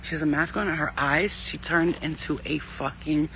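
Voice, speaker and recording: A woman's voice: low voice, fairly even intonation, moderate pace, a bit bright, rough recording. Psychic lady chatting away, blunt and swears a lot, bit of faint noise behind. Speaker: psychic medium. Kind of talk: casual spiritual reading and storytelling.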